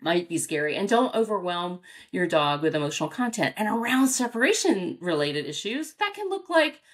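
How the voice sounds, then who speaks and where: An American woman, a dog trainer, answering interview questions in a casual, animated way, acting out reactions with big jumps in pitch and laughing often. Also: normal speed. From United States. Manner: frequent fillers and restarts, laughs often.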